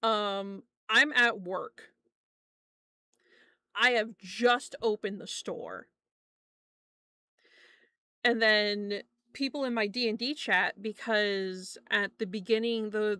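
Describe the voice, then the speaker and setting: A young woman streamer telling stories in a casual chat, animated, swearing often and laughing between lines. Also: medium pitch, dry recording, clean studio sound.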